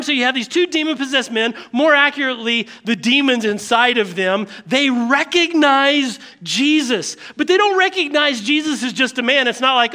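High, bright-voiced animated preacher man. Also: normal speed. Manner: animated storytelling, acting out scenes with sudden shifts in volume. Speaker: pastor. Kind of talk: sermon.

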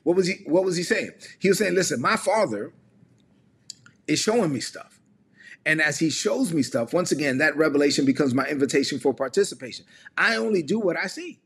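A man's voice: fairly high pitch, animated, quick pace, vocal fry, slightly rough. A man preaching a livestreamed sermon as a pastor, repeating key phrases and calling on viewers to respond in the chat. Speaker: pastor and ministry leader.

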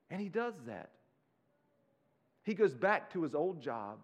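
A man preaching a sermon as pastor, animated and conversational, talking straight to his listeners in casual slang. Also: on the high side, measured pace, lo-fi sound. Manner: slips into casual slang like "y'all".

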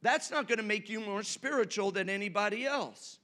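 Male pastor, high bright voice, sermon delivery with call-and-response and humor. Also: fairly quick.

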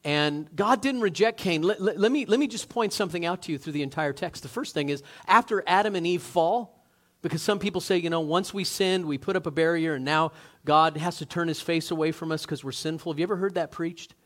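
Casting: male pastor, slightly high voice, relaxed conversational sermon that acts out quoted lines. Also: brisk.

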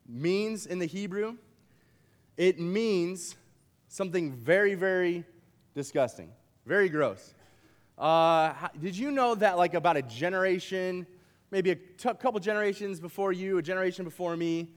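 Animated man preaching in a reverberant hall. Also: sits high. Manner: playful, animated, uses props and jokes with the crowd. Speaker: camp speaker. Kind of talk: youth camp sermon. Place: large hall with a live audience.

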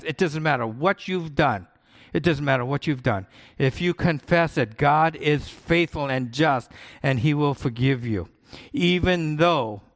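With a medium-pitched voice, a middle-aged man who is a pastor delivers a sermon in an earnest, conversational manner, going back over his key points to emphasize them.

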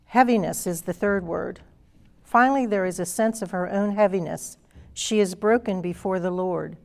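A woman delivering a sermon in an earnest, emphatic way. Her voice sits at a middle pitch, and she reads scripture aloud and walks through its meaning. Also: normal speed, gravelly, darkish tone. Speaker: preacher.

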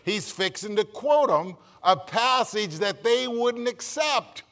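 A man preaching a sermon as pastor, swinging from quiet asides up to loud shouted emphasis and asking the congregation to answer back. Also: sits high, expressive, slow. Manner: calls for congregation response. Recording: long reverb of a church hall.

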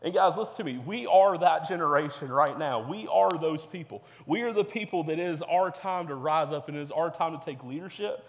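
A man's voice: on the high side, a little fast, few pauses, big-room sound, muffled recording. A young man preaching a sermon to teenagers as a youth pastor, earnest and repetitive. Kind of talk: sermon to teens.

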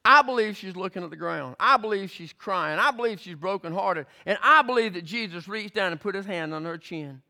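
High, gravelly-voiced man preaching. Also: expressive, brisk, hardly any pauses, pushed and bright. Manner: emphatic, repeats words as he builds; retells scripture scenes vividly. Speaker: pastor. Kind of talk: preaching a sermon.

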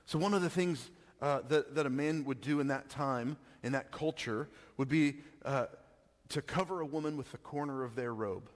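A pastor delivers a sermon in a relaxed, conversational style, often pausing to ask "right?" and chuckling as he explains. His voice is medium-pitched and moves at a normal speed, with a long reverb tail trailing each phrase.

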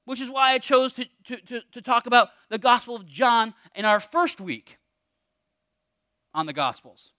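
A man preaching a sermon in a conversational, energetic way, often dropping to a hushed emphasis. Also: extremely high pitch, normal speed, dry recording, studio quality. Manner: energetic, conversational with emphatic drops to near-whisper. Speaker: pastor.

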